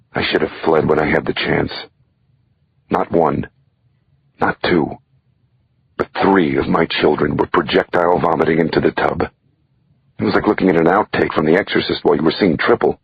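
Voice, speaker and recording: A man narrates a thriller audiobook in a wry first-person voice, extremely deep, gravelly and heavily husky. He keeps a steady tone at a moderate pace and pauses often. The recording is dry and slightly dull, like lo-fi audio, with no room sound.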